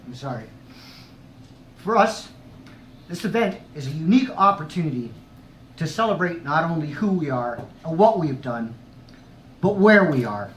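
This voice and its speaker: Man, high voice, formal earnest speech, echoey room, distant, faint noise. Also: big pitch swings, normal speed, long pauses. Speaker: founding member of an art group giving a speech. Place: art show in a restaurant lounge. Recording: roomy sound from a distant camera.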